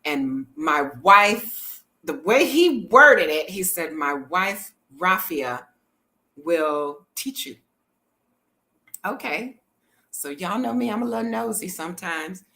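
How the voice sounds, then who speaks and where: Lady w/ a bright crisp voice, chatty storyteller vibe, laughs a lot, calls her viewers y'all. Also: fairly low pitch, expressive, takes it slowly. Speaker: travel vlogger. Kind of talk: casual storytelling vlog.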